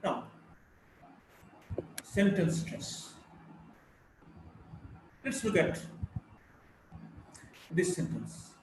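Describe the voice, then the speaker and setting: A man teaching a live online class, who speaks deliberately and demonstrates stress patterns by repeating example sentences aloud. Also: sits high, big pitch swings, darkish tone, distant mic. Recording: very echoey room with faint noise.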